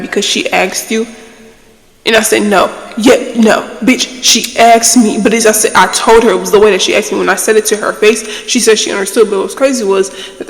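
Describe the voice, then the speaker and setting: A woman's voice: mid-range voice, big-room sound, low-quality recording. A woman hosting a casual ASMR storytime chat, telling her story bluntly and animatedly with plenty of swearing. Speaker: ASMR channel host.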